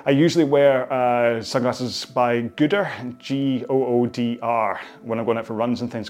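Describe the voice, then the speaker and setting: A man's voice: mid-range voice, darkish tone. A man with a Scottish accent leading a stretching session in a rambling, self-mocking way, laughing often and drifting off on tangents. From Scotland. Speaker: fitness instructor. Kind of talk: rambling casual stretch-class talk. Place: indoors, on the floor while stretching.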